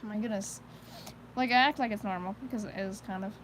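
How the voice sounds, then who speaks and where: A woman's voice: medium pitch, brisk, a bit bright, slight background noise, low-quality recording. A woman chatting casually on a live stream, rambling from thought to thought with plenty of "like" fillers and nervous little laughs. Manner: rambling, heavy use of "like" fillers; nervous self-conscious laughter between thoughts.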